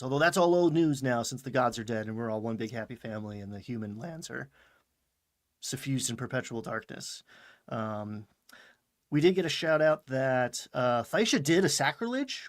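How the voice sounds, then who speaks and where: A man hosts a casual recap podcast, chatting in a loose, meandering way. He laughs often and slips into quick voices when he repeats what characters said. His voice sits at an ordinary pitch for a man. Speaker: podcast host recapping a show. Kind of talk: casual chat.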